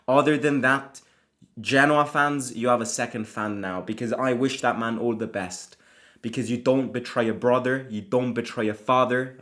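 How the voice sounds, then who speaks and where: A man with an Italian accent, a native Italian speaker, hosting a football fan channel in an excitable, chatty way with frequent restarts. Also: mid-range voice. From Italy. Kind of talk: casual fan vlog chat.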